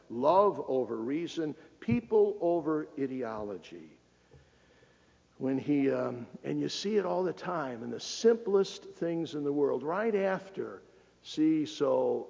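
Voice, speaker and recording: A man's voice: on the high side, vocal fry, darkish tone, breathy edge. A man giving a public lecture as a cardinal, folksy and emphatic, joking with the audience. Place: lecture hall. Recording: lo-fi recording with long hall reverb.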